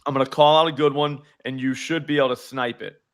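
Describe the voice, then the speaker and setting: A man hosting a live sports betting show, explaining his picks in fast, animated casual talk full of filler words. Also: mid-range voice.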